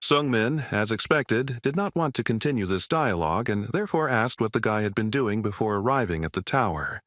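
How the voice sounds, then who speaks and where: Male recap narrator, low register, steady scripted delivery, dry booth sound. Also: a little fast, dry recording.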